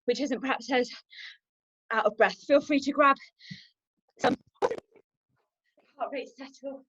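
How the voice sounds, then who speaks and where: High-voiced fitness instructor, out of breath. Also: female voice, slow pace, fairly bright tone, highs cut off. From England. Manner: upbeat, encouraging, counts out reps. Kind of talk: live workout instruction.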